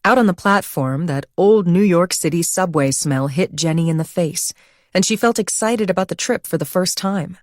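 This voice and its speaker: A woman with a low-pitched voice reads an audiobook narration at a steady, measured pace. The recording is dry and close, with no room sound. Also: no room sound. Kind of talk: scripted narration.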